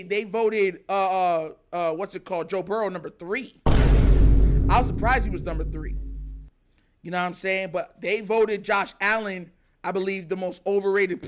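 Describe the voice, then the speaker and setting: A man hosting a sports talk show, giving animated casual reaction commentary and laughing often. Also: sits high. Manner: animated, excitable, laughs often, mimics players.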